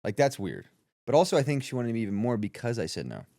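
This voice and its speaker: A man in a casual podcast chat, telling an animated story and laughing often. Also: medium pitch, fast, vocal fry, no echo, clean studio sound.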